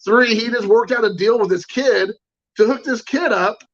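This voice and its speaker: A man's voice: high voice, normal speed, a bit bright, highs cut off. A man hosting a collecting show, telling a rambling anecdote in casual chat and greeting viewers. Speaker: card collecting show host.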